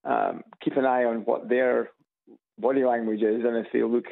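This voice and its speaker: A man from Scotland with an Edinburgh accent, calling a radio show on a speakerphone and chatting in a halting, repetitive way with dry humor. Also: mid-range voice, level tone. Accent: Edinburgh Scottish. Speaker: radio caller. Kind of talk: casual phone-in chat. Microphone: phone on loudspeaker. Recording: gravelly voice over a tinny phone line.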